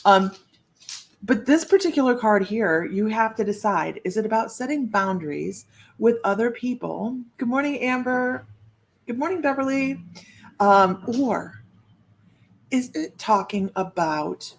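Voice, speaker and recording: A woman's voice: medium pitch, expressive, measured pace, slight background noise. A woman psychic reader hosting a live stream, chatting in a rambling, friendly way and greeting viewers by name. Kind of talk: casual live-stream chat.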